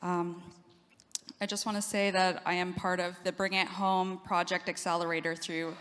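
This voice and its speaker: Low-voiced Ontario woman on stage in a hall. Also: flat delivery, moderate pace, a bit bright. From southern Ontario, Canada. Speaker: community representative speaking at an event. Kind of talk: onstage introduction. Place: large event hall. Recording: long hall reverb.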